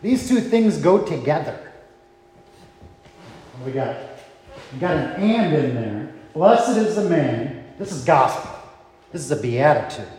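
A man leading a Bible study, reading scripture aloud and explaining it in a deliberate way with restarts and fillers. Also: on the high side, sing-song, darkish tone. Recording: long reverb from a hall.

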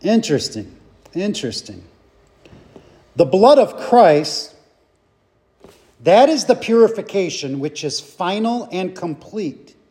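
Brief: slow, thoughtful man with a high voice leading a group Bible study. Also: sing-song, mellow. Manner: slow, reflective, thinking aloud with fillers and rhetorical questions.

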